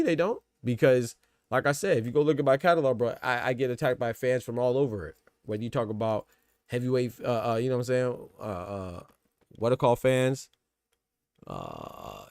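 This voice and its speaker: A man's voice: medium pitch, dry recording, studio quality. A man hosting a casual boxing podcast, stuffed up and congested, rambling and repeating himself as he talks to his audience. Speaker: podcast host.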